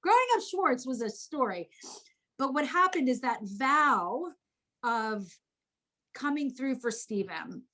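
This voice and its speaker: Woman telling a vivid personal story. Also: fairly high pitch. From New Jersey. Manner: vivid, expressive storytelling with casual swearing. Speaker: guest. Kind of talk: candid life story in conversation. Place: at home.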